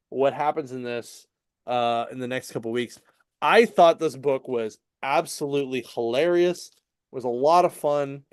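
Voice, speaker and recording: A man co-hosts a podcast and recaps a story in loose, rambling chat, with lots of fillers and easy chuckles. His voice is smooth and resonant at a middle pitch. The sound is close and dry. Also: no echo. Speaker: podcast co-host at a comic shop. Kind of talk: casual chat recapping a comic book.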